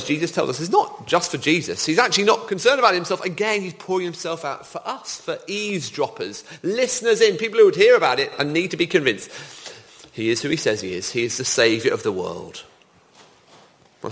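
A man preaching a sermon, his voice fairly high for a man and swinging widely in pitch. He leans hard on key words and throws rhetorical questions at the congregation. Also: a bit bright. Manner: dramatic, varied emphasis, rhetorical questions.

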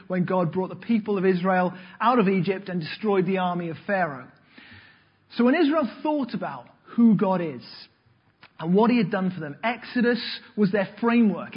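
A man preaches a sermon, telling his stories with lively energy. His voice sits high and a little husky. The recording sounds dull and lo-fi. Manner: lively storytelling with acted-out voices.

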